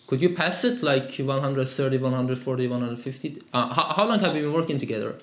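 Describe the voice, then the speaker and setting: A man's voice: medium pitch, fairly quick, fairly bright tone. Upbeat male English teacher, echoey room. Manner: upbeat, chatty, frequent fillers. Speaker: English teacher answering student calls. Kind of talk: live lesson and call-in Q&A.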